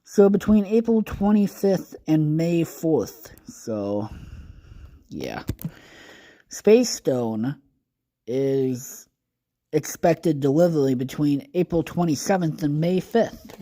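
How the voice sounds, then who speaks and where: A man hosting his own podcast alone, rambling casually from topic to topic, thinking out loud and swearing often. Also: mid-range voice. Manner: rambling, casually profane, thinks aloud with fillers. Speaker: podcast host. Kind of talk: casual solo podcast monologue.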